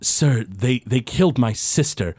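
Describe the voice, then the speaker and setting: A man's voice: mid-range voice, expressive, unhurried, darkish tone, husky, dry recording. A man voicing an urgent, pleading young dwarf woman cultist.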